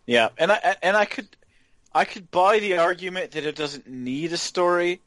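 A man's voice: high-pitched, normal speed, a bit bright, no room sound. Easygoing man, dry close sound. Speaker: podcast co-host. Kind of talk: casual chat about video games.

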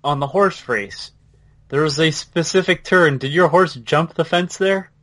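A man co-hosting a podcast, chatting casually and quickly about a video game with many asides. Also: on the high side, a bit bright. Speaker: podcast co-host.

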